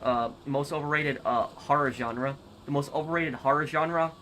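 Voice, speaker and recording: A man's voice: on the high side, moderate pace, fairly bright tone, slight background noise. A young American man streaming a game live, reading chat and thinking aloud with hesitant, repeated starts. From United States.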